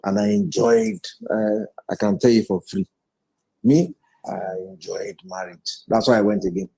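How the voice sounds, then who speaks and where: A man's voice: lowish voice, sing-song, unhurried, gravelly, warm tone, breathy edge, rough recording. A man in his forties, a guest speaker giving an earnest, reflective personal testimony in an interview and retelling past conversations.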